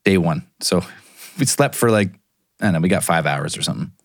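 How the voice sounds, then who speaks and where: A man's voice: deep voice, lively intonation, fairly quick, no echo, studio quality. A man chatting casually with friends, making wry asides and laughing along. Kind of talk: casual chat.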